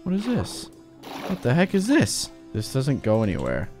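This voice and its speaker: A man who is a gaming YouTuber, giving excitable let's-play commentary with loud yelps. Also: medium pitch, measured pace, soft background music.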